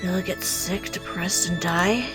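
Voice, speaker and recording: A woman voicing a mopey, soft-spoken male demon who speaks sadly, slowly and quietly. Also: on the low side, over music, natural voice. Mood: mournful. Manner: sad, slow and quiet.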